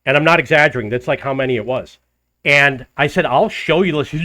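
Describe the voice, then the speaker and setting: A man's voice: mid-range voice, quick pace. A middle-aged man from the United States, telling a story in a casual monologue and acting out the arguments he quotes. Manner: animated retelling, acts out quoted arguments. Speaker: travel vlogger.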